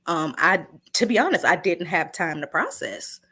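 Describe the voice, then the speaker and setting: Animated woman telling stories, giggling. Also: fairly low pitch, normal speed, breathy edge. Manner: acts out other people's lines in shifting voices. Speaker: interview guest. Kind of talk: casual storytelling interview.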